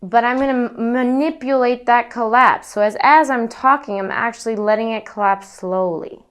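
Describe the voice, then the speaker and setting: Young female voice coach, smooth and resonant, patient step-by-step instruction with demos. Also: fairly high pitch, moderate pace. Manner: instructive, demonstrates breathing and panted notes. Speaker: singing teacher. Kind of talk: vocal lesson demonstration.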